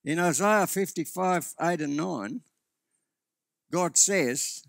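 A man's voice: fairly high pitch, big pitch swings, takes it slowly, creaky, a bit bright, no echo, studio quality. A man preaching a sermon as pastor, earnest and often restarting his sentences. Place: church.

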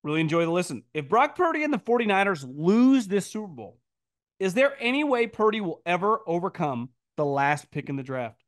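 A man's voice: sing-song, brisk, no echo, clean studio sound. Blunt, emphatic man hosting a podcast. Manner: blunt, emphatic, mocking quoted voices in a high pitch; frequent restarts and stammered repeats. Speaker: podcast host answering listener mail. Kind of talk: casual opinionated commentary.

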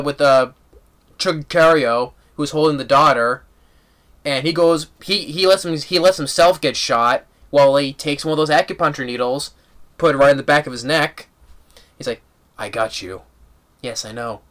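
A man giving a casual, rambling movie review and recapping the plot excitedly with lots of restarts. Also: a little high, moderate pace.

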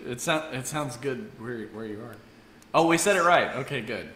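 Excitable laughing male stream host. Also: mid-range voice, normal speed, echoey room, over a noisy crowd. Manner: excitable, laughing, rambling with restarts. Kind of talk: casual live-stream chat.

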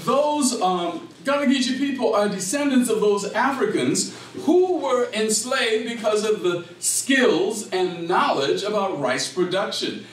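A man with a South Carolina Low Country accent gives a talk in a library room, speaking slowly in a high voice. He quizzes his audience and confirms their replies. The recording is echoey, picked up from a distance, with faint background noise. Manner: quizzes the audience and affirms answers. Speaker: speaker on culture and language. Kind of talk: public talk with audience questions. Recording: roomy echo, distant mic, faint noise.

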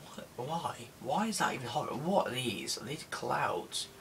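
This young man makes gaming videos and talks through his gameplay casually, grumbling and muttering in a flat, unenthused way. His mid-range voice is sing-song, creaky and fairly bright, and he takes his time. A distant mic catches music behind him plus a little hiss or hum.

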